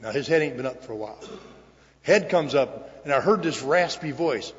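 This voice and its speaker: An older man giving an earnest, emotional personal testimony to an audience in a large hall, with pauses and restarts. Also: mid-range voice, lively intonation. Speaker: recovery meeting speaker. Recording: echoey hall, dull lo-fi sound.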